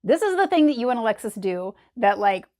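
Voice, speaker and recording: A woman's voice: fairly high pitch, sing-song, brisk, mellow. A woman co-hosting a casual podcast, chatting in an easygoing way with many fillers. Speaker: podcast co-host.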